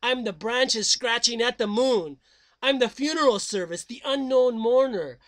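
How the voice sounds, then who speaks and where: A man voicing a theatrical, menacing male vampire count who declaims slowly and dramatically and cackles. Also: very high-pitched, fairly bright tone, voice pushed up.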